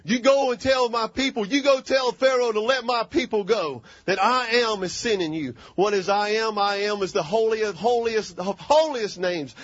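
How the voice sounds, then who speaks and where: A man's voice: sits high, normal speed, few pauses, no echo, lo-fi sound. A man preaching a fervent sermon and calling for amens.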